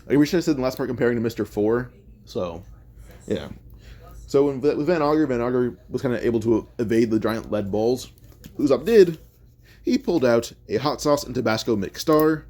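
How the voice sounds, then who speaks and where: A man's voice: medium pitch, animated, brisk, dark tone. A man casually retelling a fan-made story, rambling and thinking aloud as he goes, often correcting himself.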